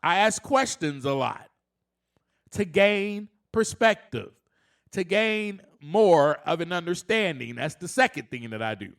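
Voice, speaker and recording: Male self-help podcast host, very high voice, unhurried, earnest with frequent laughs. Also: big pitch swings, gravelly, a bit bright. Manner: earnest, laughs often, rising to passionate emphasis.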